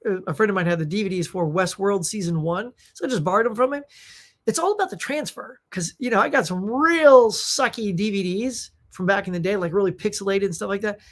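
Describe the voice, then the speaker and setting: A middle-aged woman hosts a casual live question-and-answer show, her voice worn as she is losing it. She rambles through animated stories, full of fillers and restarts, at an ordinary middle pitch. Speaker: host.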